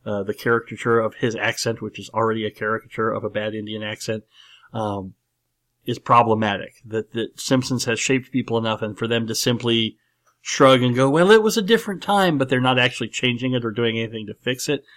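A man's voice: fairly low pitch, flat delivery, a little fast, fairly bright tone. A man hosting a podcast, talking about a film in a rambling, emphatic way with many fillers and restarts. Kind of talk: casual movie discussion.

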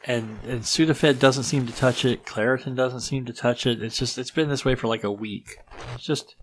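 A man's voice: mid-range voice, normal speed, a little hiss or hum, rough recording. Congested, rambling male podcast host. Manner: rambling, self-deprecating, frequent restarts and fillers. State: stuffed-up nose, congested. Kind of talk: casual rambling podcast chat.

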